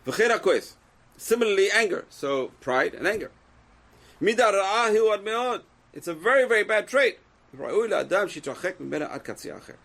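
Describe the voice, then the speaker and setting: A man's voice: sits high, expressive, moderate pace, vocal fry, a bit bright. A man teaching a Torah class who reads Hebrew texts aloud, translates them, and asks the class rhetorical questions.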